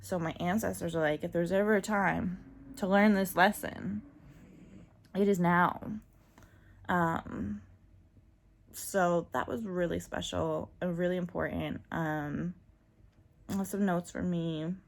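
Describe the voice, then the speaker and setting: A woman's voice: on the low side, steady tone, slow pace, gravelly, long pauses. A woman talking casually and candidly in a personal vlog, full of fillers and asides. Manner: chatty and candid, many fillers, laughs often. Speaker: vlogger.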